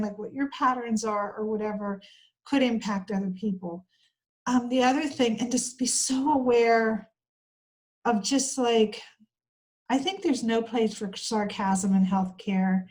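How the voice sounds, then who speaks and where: A woman with a somewhat high voice teaches an online training course. She talks in a loose, conversational way, with fillers. She often plays out example dialogues. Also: measured pace, a little mellow, low-quality recording.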